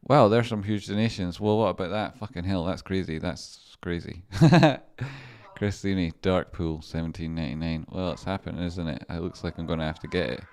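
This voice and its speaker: A man with a deep voice hosts a loose livestream about trading. He rambles, breaks off mid-thought, swears casually and laughs often as he reads out donations. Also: moderate pace, a little mellow. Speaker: livestream stock trader.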